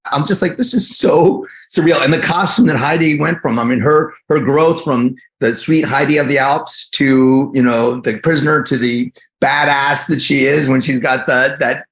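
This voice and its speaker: A man in his fifties, a guest actor in a casual interview, talking in a rambling, animated way with many restarts. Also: medium pitch, moderate pace, creaky, few pauses. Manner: animated storytelling, acts out quotes.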